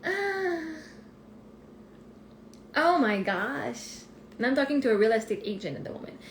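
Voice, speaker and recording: A woman, a life coach rambling excitedly and thinking aloud in a casual live stream from her phone. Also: sits high, a little slow, slight background noise. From Canada. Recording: roomy echo.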